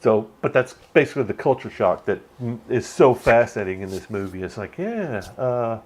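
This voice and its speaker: A man's voice: medium pitch, lively intonation, normal speed. Laid-back male host, rambling commentary with frequent laughs and some cursing. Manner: rambling, laughs often, swears. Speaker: channel host. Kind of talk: casual movie commentary.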